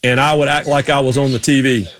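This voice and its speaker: A man's voice: mid-range voice, fairly even intonation, fast, a bit bright, a little hiss or hum. A man from North Carolina with a Southern US accent, hosting a talk show in a chatty, rambling way. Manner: chatty, rambling, laughing along. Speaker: show host. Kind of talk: casual chat.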